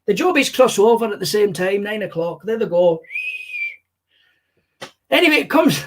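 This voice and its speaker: Pushing his voice up so it sits high, a man impersonates a famous older Scottish comedian in stand-up, very animated at a moderate pace. In a Scottish accent he spins rambling, sweary storytelling anecdotes.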